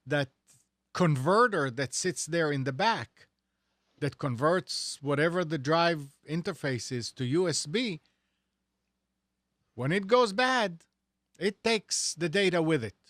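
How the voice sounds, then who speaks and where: A man with a fairly high voice talks tech on a call-in show at a slow, unhurried pace. He rambles, restarts his sentences and slips in sarcasm, and the sound is dry and close. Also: a bit bright, no echo. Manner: rambling, sarcastic, self-correcting. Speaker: radio show host. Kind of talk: casual tech talk.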